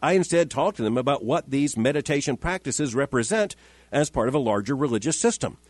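A man hosting a podcast, giving measured, emphatic scripted commentary that quotes and rebuts with repetition. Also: medium pitch, expressive, dry recording. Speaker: host of a daily commentary podcast.

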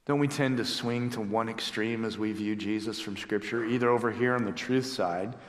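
A man's voice: on the low side, steady tone, normal speed. Middle-aged male pastor, storytelling sermon, recorded in a reverberant sanctuary. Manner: storytelling, emphatic preaching. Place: church sanctuary. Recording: echoey hall with long reverb.

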